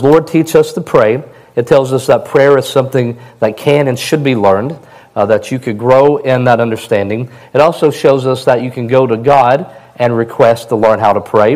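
A man preaching a sermon in a plain, conversational way, his voice a little hoarse. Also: medium pitch, a little mellow, rough recording. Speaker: pastor.

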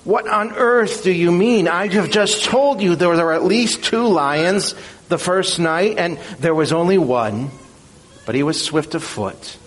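A man's voice: high voice, a little slow. A man voicing a frightened, bewildered young boy who asks urgent questions.

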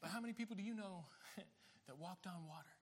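A pastor with a high-pitched voice preaches a sermon at a fast clip. He's animated, laughs often, and acts out the voices of the people in his story.

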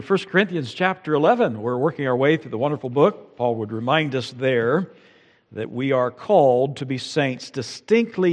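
A man pastor preaching a sermon in a church, telling stories with conversational asides. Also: medium pitch. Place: church sanctuary with long reverb. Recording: reverberant church hall.

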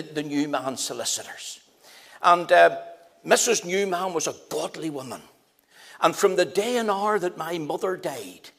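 A middle-aged man, a preacher, telling his conversion story in a sermon, acting out the dialogue and slowing down for emphasis. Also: fairly high pitch. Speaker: preacher giving testimony. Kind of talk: sermon testimony.

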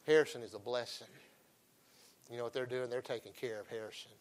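A middle-aged man preaching a folksy revival sermon, emphatic and swinging between loud calls and hushed asides. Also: mid-range voice, steady tone, brisk.

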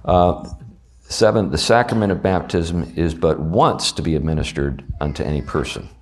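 A man's voice: a bass voice, moderate pace. A man with a Southern US accent teaching a church class on a confession of faith in a conversational way, asking his students questions. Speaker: Bible study teacher.

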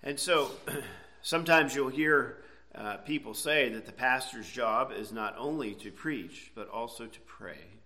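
Middle-aged pastor guy, bright voice, chatty sermon, keeps asking okay? right?. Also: mid-range voice, unhurried. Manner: conversational, explanatory preaching with frequent "okay?" and "right?".

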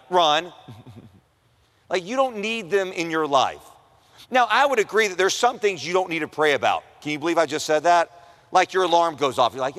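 Male preacher, casual and humorous, slightly high voice, long hall reverb. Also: big pitch swings, normal speed, fairly bright tone. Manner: conversational and humorous, acts out quoted voices. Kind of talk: sermon. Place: chapel or auditorium at a Christian school.

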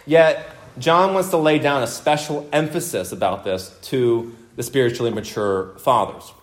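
In a medium-pitched voice and at a moderate pace, a male pastor works through an expository sermon. He stays emphatic, repeating his points and putting questions to the people listening.

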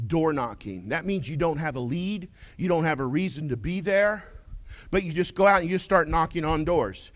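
A male pastor preaching a sermon, folksy and humorous, swinging between loud declarations and quiet asides as he questions his congregation. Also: fairly high pitch.

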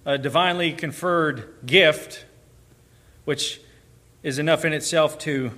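A man's voice: fairly high pitch, slow pace, long pauses, sharp tone. A man preaching a sermon, explaining the text and building with emphatic repeated phrases. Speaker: pastor.

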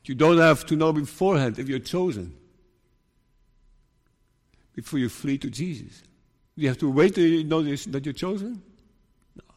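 A man preaching a sermon in a slow, earnest way, sometimes voicing the worries of troubled believers. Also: fairly high pitch, animated. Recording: long reverb of a hall.

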